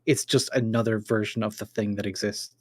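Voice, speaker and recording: Measured, argumentative podcast guy. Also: fairly low pitch, steady tone, no room sound, studio quality. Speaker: podcast co-host. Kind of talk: casual chat.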